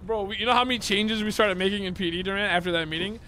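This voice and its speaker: Man in game role-play, very high voice, fast, exasperated arguing. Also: slight background noise. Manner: exasperated, loud back-and-forth arguing. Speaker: streamer playing a police officer.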